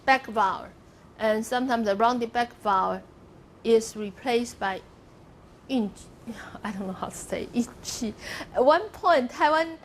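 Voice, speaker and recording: A woman's voice: fairly high pitch, creaky, a little hiss or hum. A woman giving a university lecture to a class of students, explaining step by step and modelling pronunciations aloud as she goes. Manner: explains step by step, demonstrating pronunciations and asking "okay?".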